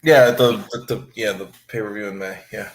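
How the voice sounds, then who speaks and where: A man co-hosting a wrestling podcast who chats casually in a low-key way. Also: brisk, slight background noise. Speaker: podcast co-host. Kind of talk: casual chat.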